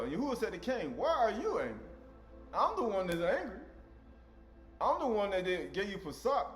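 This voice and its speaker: A man giving a casual, conversational sermon, often checking in with "right?" and acting out dialogue in slangy voices. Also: high-pitched. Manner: conversational, tag questions like "right?". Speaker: preacher. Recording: echoey room with faint music.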